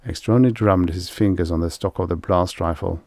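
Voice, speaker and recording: A low-pitched man narrates an audiobook from a script, reading in a steady, measured way. The clean studio sound has no echo.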